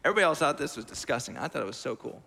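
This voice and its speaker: Gravelly animated preacher in a reverberant hall. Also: male voice, fairly high pitch, very fast. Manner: animated, conversational preaching with asides. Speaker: pastor. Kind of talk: sermon. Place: church hall. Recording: long church reverb.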